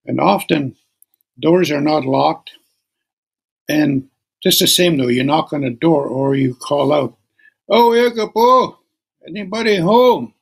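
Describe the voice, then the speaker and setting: Gravelly-voiced male storyteller. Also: fairly high pitch, fairly even intonation. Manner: unhurried, conversational, with many you-knows. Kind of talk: oral storytelling.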